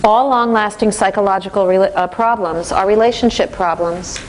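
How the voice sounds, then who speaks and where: Lively woman instructor teaching a class. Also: mid-range voice, moderate pace, slight background noise, poor audio. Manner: lively, conversational, addresses the class directly. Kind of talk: classroom training lecture.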